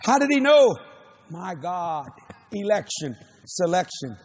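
A middle-aged man preaching a sermon, telling a story with shouts, laughter and acted-out voices. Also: sits high, very animated, slow pace.

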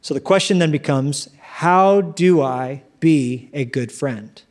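A man delivering a sermon with a notably high-pitched voice. He jokes and acts out little inner voices, speeding up and slowing down for effect. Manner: animated, joking, acts out quoted inner voices. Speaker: pastor.

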